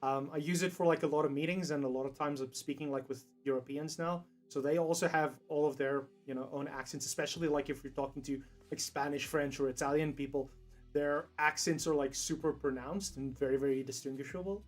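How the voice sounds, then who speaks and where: A young South African man talks loosely to his stream chat in a slightly high voice, drifting from thought to thought, laughing a lot and cursing without a second thought. Soft guitar music plays faintly behind him. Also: fairly even intonation, a little fast. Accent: South African English. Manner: rambling, laughs often, swears casually. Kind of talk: casual livestream chat.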